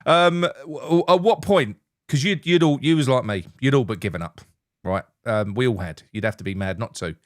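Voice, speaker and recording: A blunt, sweary man talks football in casual, joking banter. His voice sits at an ordinary middle pitch and sounds dry and close, with no room around it. He chats loosely with a co-host. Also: normal speed, no echo. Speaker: show host.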